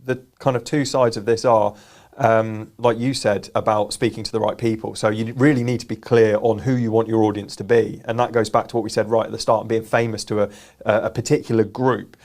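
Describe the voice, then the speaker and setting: A man's voice: fairly low pitch, level tone, fairly quick, darkish tone. A man co-hosting a business live show, explaining earnestly and often restarting his words. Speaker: co-host. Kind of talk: casual business chat.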